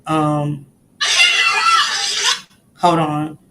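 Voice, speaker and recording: A woman's voice: sits low, completely flat delivery, extremely slow, shouting, a little hiss or hum. A woman hosting a live stream, talking emotionally to her viewers and greeting them by name as she comments.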